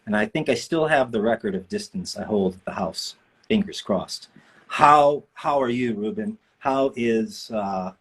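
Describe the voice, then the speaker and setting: A man's voice: lowish voice, slightly rough. A man, a voice actor, chats in a playful, joking way with fans while signing autographs on a livestream. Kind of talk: casual livestream chat. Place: indoor room.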